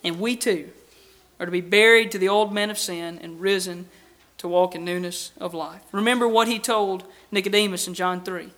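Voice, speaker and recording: A man delivers a sermon in a church, his voice high and bright. He preaches earnestly, pressing rhetorical questions and swinging from forceful emphasis to hushed lines. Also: steady tone, moderate pace. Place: church building with a baptistry.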